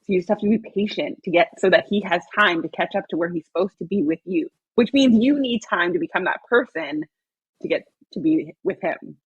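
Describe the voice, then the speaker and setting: Husky excitable woman podcast host. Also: on the low side, brisk, no echo, muffled recording. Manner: excitable, acts out her own past words. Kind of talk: casual podcast conversation.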